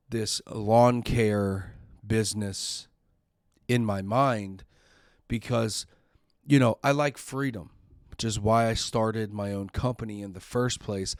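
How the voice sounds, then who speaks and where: In a clean studio recording with no room sound, a middle-aged man hosting a podcast shares a personal story. His fairly low voice carries earnest emotion, and words sometimes repeat when he gets upset.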